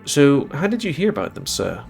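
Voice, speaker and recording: A man playing a curious young grandson, polite and eager, formal speech, medium-pitched voice. Faint guitar music plays underneath. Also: very animated, moderate pace, vocal fry, darkish tone. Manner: polite and eager, adds "sir".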